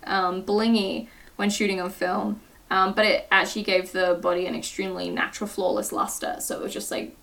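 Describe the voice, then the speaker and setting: A woman's voice: mid-range voice, little pitch movement, fairly quick, creaky, fairly bright tone, recorded from a distance, rough recording. A British woman co-hosting a podcast in casual chat, giggly and self-deprecating. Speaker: podcast co-host.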